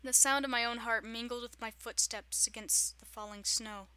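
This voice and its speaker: A woman's voice: a little high, steady tone, moderate pace, sharp tone, clean tone. A woman reading a visual novel's text aloud with joking, sarcastic commentary, often laughing.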